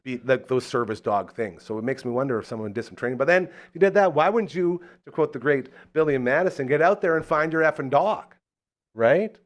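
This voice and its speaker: A man hosting a live local talk show, telling stories in a casual, animated way and acting out the voices in them. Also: mid-range voice, fairly quick, hardly any pauses. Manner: animated storyteller, acts out the voices in his stories. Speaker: radio show host.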